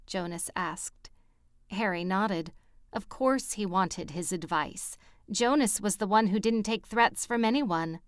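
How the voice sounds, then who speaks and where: A woman narrating an audiobook in a slow, even storytelling manner. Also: medium pitch, clean tone, dry recording, clean studio sound. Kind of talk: scripted narration.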